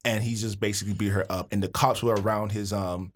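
A man co-hosting a podcast in casual chat, opinionated and animated, full of slang and repeated words when he gets going. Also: lowish voice, fast talker. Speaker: podcast co-host.

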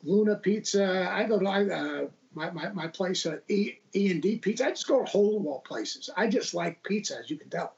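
A middle-aged man with a gravelly, raised-pitch voice tells sports stories as a guest, rambling and restarting his sentences. The sound is dull and lo-fi, like a remote call. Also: expressive, fairly quick, few pauses, darkish tone. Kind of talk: casual storytelling interview.

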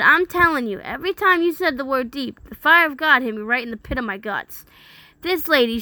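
A woman reading a critique aloud and breaking off into indignant, incredulous commentary, with some halting restarts. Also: high-pitched, pushed and bright, no echo. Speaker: religious commentator.

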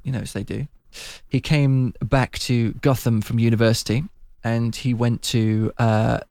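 A man recapping a film in casual chat, talking fast and laughing a lot. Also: mid-range voice, little pitch movement, vocal fry, darkish tone, dry recording. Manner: chatty, laughing, puts on voices when quoting.

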